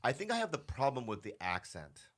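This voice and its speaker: A man's voice: mid-range voice, huge pitch swings, brisk, fairly bright tone. A man co-hosting a podcast, talking earnestly in casual conversation and often checking in with "right?". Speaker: podcast host.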